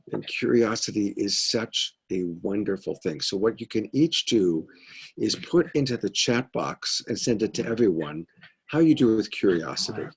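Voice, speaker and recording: Male love coach, low and husky, earnest and chatty, drops into quiet asides, video call sound. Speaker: love coach leading a mentorship group. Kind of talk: casual teaching on a video call.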